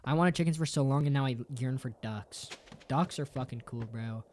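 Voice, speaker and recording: Casual livestream chat, jokey, swearing, says bro constantly, voice swinging high and low, medium pitch. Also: normal speed, a little mellow, slight background noise. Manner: swears often and ends sentences with "bro"; playful and jokey, with big jumps up and down in pitch. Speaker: streamer.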